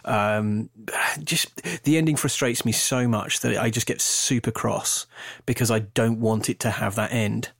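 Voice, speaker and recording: A man's voice: lowish voice, measured pace, gravelly, no room sound. Chatty British man, very dry sound. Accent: British English. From Britain. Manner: animated, rambling, self-interrupting. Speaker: film podcast co-host. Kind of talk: casual chat about films.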